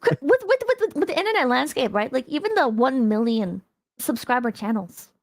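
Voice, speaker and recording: A woman's voice: high-pitched, very animated, a little fast, dry recording, clean studio sound. A young woman guest on a podcast, laid-back and teasing, with lots of "like" in her speech. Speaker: guest, VTuber. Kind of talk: casual chat.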